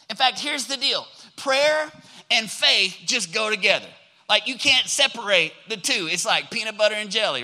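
A man's voice: extremely high pitch, bright, forceful tone, poor audio. A male pastor preaching a sermon with energy, drawing the congregation in with call-and-response prompts.

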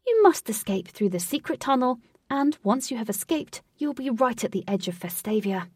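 A commanding queen in white, formal and stately, with a quiet scheming edge, as a woman reading the story puts her on. The voice sits a little higher and fuller than a plain reading. The recording is dry, with the mic set slightly back. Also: very animated, moderate pace, husky, no room sound, recorded from a distance.

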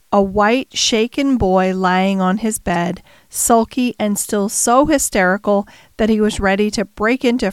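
A woman narrating a classic novel chapter in a measured storytelling manner. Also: mid-range voice, clean tone, dry recording. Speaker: audiobook narrator. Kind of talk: scripted narration.

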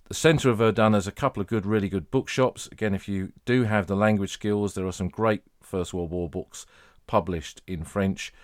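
A middle-aged English man hosting a history podcast, telling battlefield anecdotes in a measured storytelling manner. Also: lowish voice, steady tone, no room sound, studio quality. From England. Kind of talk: podcast narration, guided tour talk.

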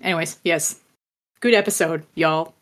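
A woman's voice: low-pitched, moderate pace, a bit bright. Rambling, giggly woman podcast co-host. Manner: rambling, self-interrupting, giggly. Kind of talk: casual chat. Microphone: remote call setup.

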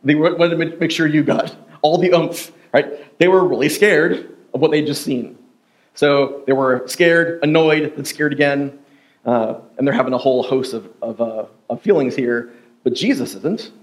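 A man's voice: fairly high pitch, normal speed. A man preaching a sermon in a church, casual and joking, full of fillers and asides. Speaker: pastor. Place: church sanctuary.

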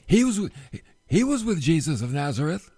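A man voicing a young servant girl who excitedly points someone out in a retold sermon story. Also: sits low, normal speed, slightly rough, dry recording, clean studio sound, full character voice. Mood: accusing.

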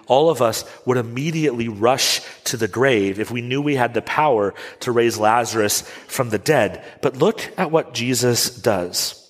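A man preaching a sermon as a pastor, telling the story with animated rhetorical questions. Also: mid-range voice, breathy edge, long reverb tail. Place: church sanctuary.

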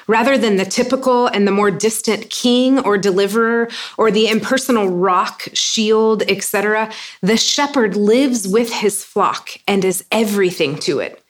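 A woman giving a sermon in a measured, earnest way, pausing to let her points land. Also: mid-range voice. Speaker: preacher.

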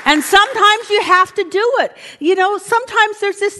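A woman preaching a lively sermon, acting out inner voices and now and then shouting commands. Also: very high-pitched, normal speed, hardly any pauses, a faint crowd. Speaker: pastor. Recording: reverberant hall.

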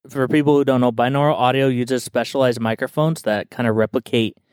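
A man's voice: mid-range voice, steady tone, fast, clear, resonant tone, no room sound, clean studio sound. A young man co-hosting a podcast, explaining a video game in an enthusiastic, rambling casual way full of "like" and "dude". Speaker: podcast co-host.

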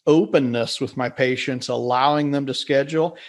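A man of middle pitch talks casually on a podcast, telling self-deprecating jokes. He rambles and restarts, speaking from a home office. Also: steady tone, moderate pace. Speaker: podcast co-host. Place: wife's office.

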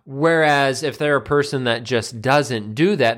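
A man's voice: mid-range voice, steady tone, moderate pace, hardly any pauses, fairly bright tone. A man, a nutrition coach and personal trainer, giving a casual motivational monologue and acting out the voices he quotes.

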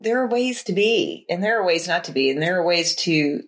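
Animated woman teaching Bible story. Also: lowish voice, moderate pace. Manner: animated, acts out scenes with playful voices. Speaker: podcast co-host. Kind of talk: casual Bible study chat.

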